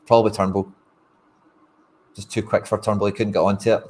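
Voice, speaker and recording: A man's voice: lowish voice, level tone, fairly quick, a little mellow, slight background noise. A Scottish man giving casual, frustrated live commentary on a football match to his stream viewers, talking bluntly and straight to the audience. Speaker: fan streamer hosting a watch-along.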